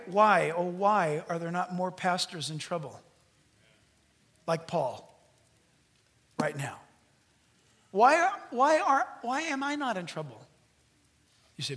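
A middle-aged man preaching a sermon as pastor, animated, swinging from loud peaks to hushed asides. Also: sits high.

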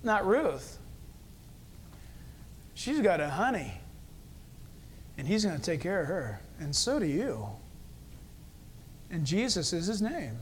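In a church, a male pastor delivers a sermon full of stories, his voice sitting high and moving slowly with long pauses. He swings between quiet, earnest talk and loud, excited preaching, over a slight hiss or hum.

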